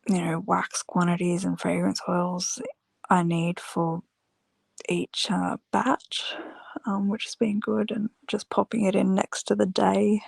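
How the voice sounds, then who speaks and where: Tired woman chatting slowly, creaky. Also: fairly low pitch, flat delivery, no echo. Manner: rambling, many fillers, unhurried. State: tired, yawning. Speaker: small-business candle maker vlogger. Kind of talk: casual chat to camera.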